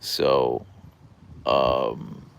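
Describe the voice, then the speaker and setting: A man hosting a casual livestream, reading viewer comments aloud in a calm, soft-spoken voice with a radio-like quality. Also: rumbling low, drawn-out words, gravelly, clean tone. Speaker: livestream host. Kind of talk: casual live-stream chat reading comments.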